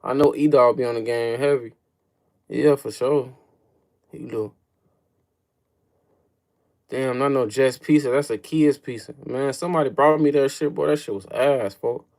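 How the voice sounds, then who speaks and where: A man's voice: medium pitch, a little slow, gravelly, pauses often, darkish tone. Young man, livestream host, mid-range voice, slangy, cussing, rambling casual chat. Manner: slangy, profane, calls everyone folks; loose, rambling, answers chat questions.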